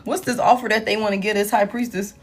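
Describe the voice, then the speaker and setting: A woman, giving a live tarot reading in blunt, profane, animated street talk. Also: medium pitch, quick pace, soft background music. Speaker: tarot reader.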